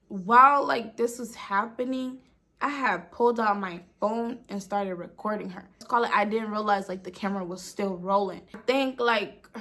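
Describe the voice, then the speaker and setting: A woman's voice: medium pitch, fairly bright tone. A woman vlogger telling a storytime tale in a casual way, dropping "like" often and half-whispering at times. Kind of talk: storytime vlog.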